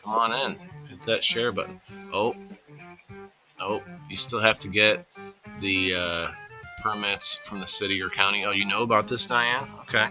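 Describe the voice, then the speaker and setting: A man's voice: fairly low pitch, fairly even intonation, moderate pace, bright, forceful tone, faint music behind. A man hosting a casual livestream, rambling in an easygoing way and greeting viewers by name. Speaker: livestream host.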